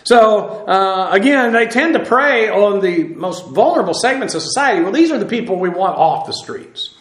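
A middle-aged man with a notably high voice, preaching and teaching through scripture in a plain, conversational way. He pauses often with fillers and restarts his phrases. His voice rings in an echoey room. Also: lively intonation. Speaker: pastor. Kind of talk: sermon.

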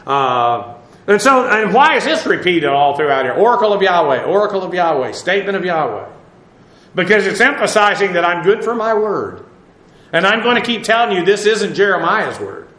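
A man teaches a Bible passage word by word, pausing on filler sounds and spelling Hebrew terms one letter at a time. His voice sits a little high for a man and comes across bright and forceful. The room around him rings with a clear echo. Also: sing-song. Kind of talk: verse-by-verse Hebrew word study.

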